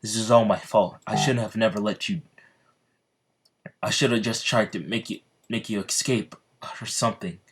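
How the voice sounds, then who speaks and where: A man's voice: lowish voice, fairly even intonation, normal speed, long pauses, slightly rough. A man voicing a tormented male captain who pleads in anguished outbursts. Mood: remorseful.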